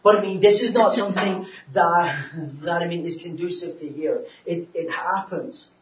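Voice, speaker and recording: A man giving a sermon with a personal story. He often stumbles and repeats words, and swings between loud urging and quiet confession. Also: high voice, moderate pace, a little hiss or hum. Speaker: speaker on depression, preacher. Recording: roomy, distant, dull-sounding hall recording.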